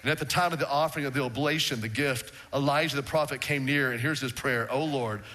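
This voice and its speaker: A man preaching a sermon as pastor, animated, often restarting on a repeated word. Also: medium pitch, fast talker.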